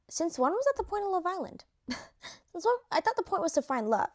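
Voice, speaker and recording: A woman's voice: very high voice, big pitch swings, fast. A young woman chatting casually to camera while ranking reality show contestants, full of fillers and slang.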